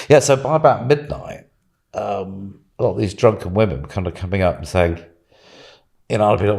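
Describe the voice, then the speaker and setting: A man's voice: deep voice, moderate pace, vocal fry, pauses often, darkish tone. A man and podcast guest telling a casual, rambling story, chuckling and dropping plenty of "you know"s.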